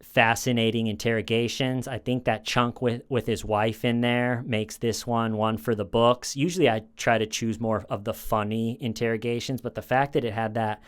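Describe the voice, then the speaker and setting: Smooth-voiced man giving casual crime commentary. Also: mid-range voice, fairly even intonation, moderate pace, hardly any pauses. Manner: conversational, opinionated, acts out quotes. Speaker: true crime commentary host.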